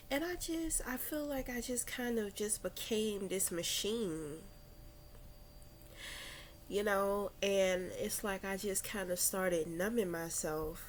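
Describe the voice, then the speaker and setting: A young woman speaks at an unhurried, drawn-out pace in a confessional vlog, circling back with fillers and restarts as she works through her thoughts. She sounds emotional and open, her voice at an ordinary middle pitch. A faint low rumble sits underneath. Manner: slow, meandering, with frequent fillers and restarts. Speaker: vlogger. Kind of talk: candid personal reflection.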